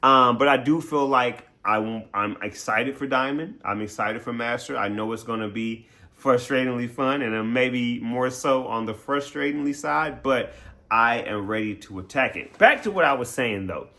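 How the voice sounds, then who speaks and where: A man's voice: medium pitch, moderate pace, pushed and bright. A man streamer talking casually to his viewers in a playful, chatty way, laughing often. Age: adult. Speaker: game streamer. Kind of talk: casual recap talk to viewers.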